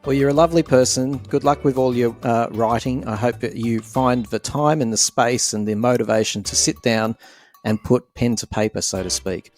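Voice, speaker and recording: A man's voice: medium pitch, steady tone, normal speed, a little mellow, faint music behind. A man with an Australian accent hosting a podcast, chatty and jokey, laughing often. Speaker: podcast host. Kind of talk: casual chat.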